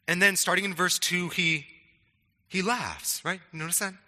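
A man's voice: high-pitched, a little slow, sharp tone, in a large hall. A middle-aged man preaching a sermon in a conversational way, often stammering on restarts and checking in with "right?". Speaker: pastor.

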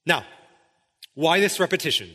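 Bright, forceful preacher in reverberant hall. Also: male voice, a little high, sing-song, normal speed. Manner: emphatic, keeps asking "right?". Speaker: pastor. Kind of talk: sermon.

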